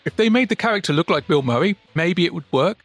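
A man's voice: a little high, expressive, fast talker, no echo, faint music behind. A man co-hosting a podcast, chatting casually in a blunt, sweary and wry way. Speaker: podcast co-host. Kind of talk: casual chat.

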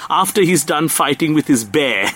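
A man's voice: on the high side, animated, moderate pace, fairly bright tone, breathy edge. A man co-hosting a satirical comedy podcast, talking in an ironic, mock-earnest way and laughing at his own jokes. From India.

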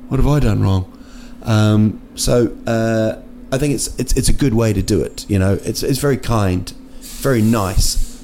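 A man's voice: on the low side, measured pace, few pauses, a little mellow, a little hiss or hum. A man hosting a casual solo podcast, rambling and joking with lots of fillers and restarts, recorded indoors at night. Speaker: podcast host. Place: indoor room at night in a city.

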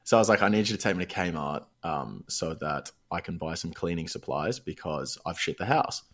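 A man's voice: deep voice, lively intonation, moderate pace, fairly bright tone. A young Australian man telling a long story in a casual chat, rambling and swearing freely.

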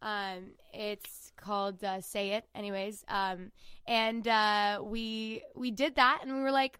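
A woman's voice: medium pitch, fairly even intonation, slow, fairly bright tone, smooth. A young woman in her twenties from Canada, a singer-songwriter guest chatting in an interview, rambling with lots of fillers. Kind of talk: casual interview chat.

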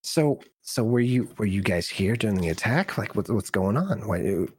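A man's voice: lowish voice, lively intonation, husky. A man voicing an eager, rambling halfling woman reporter who stammers and gushes. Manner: stammering, rushed and gushing.

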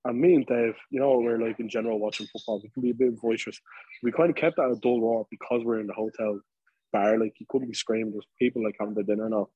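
A man with a Dublin accent, co-hosting a podcast and telling an animated, casual story full of fillers. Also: medium pitch, quick pace, breathy edge, dry recording, dull audio. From Ireland. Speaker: podcast co-host. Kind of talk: casual chat.

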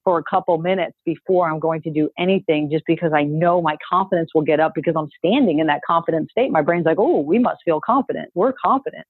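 A woman's voice: deep voice, fast talker, hardly any pauses, slightly rough, dry recording. A woman coach giving an upbeat, emphatic motivational talk, coaxing listeners to repeat phrases after her, heard over a call. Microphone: call audio. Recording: dry tinny phone-like call audio.

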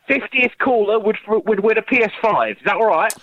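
A man's voice: high-pitched, animated, fairly quick, a bit bright, no room sound, dull audio. A man calling in to a radio show, bantering jokily and putting on a Cockney-style voice. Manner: jokey, playful, tries out a put-on Cockney voice. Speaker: caller. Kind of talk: phone-in banter. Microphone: call line.

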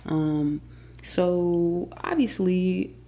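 A woman hosting a faith podcast, energetic and chatty, teaching from scripture with excited exclamations. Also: fairly low pitch, very slow. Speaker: podcast host. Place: home studio on camera.

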